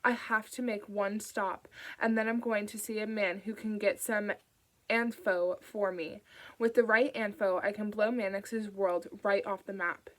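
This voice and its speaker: A woman voicing a tough, injured woman on the run, speaking in urgent, clipped, forceful lines for an audiobook. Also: medium pitch, steady tone, unhurried, lightly acted. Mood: determined.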